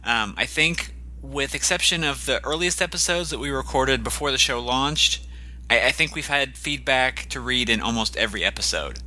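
A man's voice: mid-range voice, moderate pace, bright, forceful tone. A man co-hosting a podcast in casual chat, talking in a hesitant, self-deprecating way with frequent ums and restarts. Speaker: podcast co-host.

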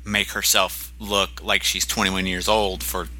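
A man's voice: low-pitched, little pitch movement, a little slow, sharp tone, slight background noise. A man co-hosting a casual podcast, chatty and full of fillers. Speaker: podcast co-host. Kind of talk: casual comic book podcast chat.

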